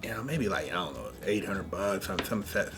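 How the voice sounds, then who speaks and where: A man telling stories in casual conversation, animated, acting out other people's lines. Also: low voice, brisk, crowd noise. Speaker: guest. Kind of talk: casual storytelling.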